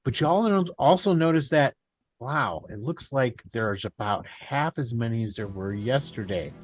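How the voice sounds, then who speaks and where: Male co-host, mid-pitched, paints scenes with pauses, close sound. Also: animated, no room sound. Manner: builds a scene step by step, dramatic pauses. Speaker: podcast co-host. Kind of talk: casual chat about tabletop games.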